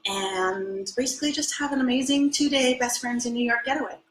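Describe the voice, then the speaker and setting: A woman hosting a live cooking lesson in her home kitchen, chatty and excitable as she demonstrates and tastes. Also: fairly high pitch, brisk, echoey room, poor audio. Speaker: cooking show host.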